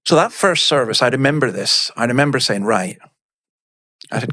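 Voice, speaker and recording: A middle-aged man speaks at an ordinary mid pitch, telling stories bluntly and with emphasis. He is a minister guesting on a podcast, and his stories are lively and punchy. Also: moderate pace, dry recording, studio quality. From Scotland. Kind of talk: storytelling in a podcast interview.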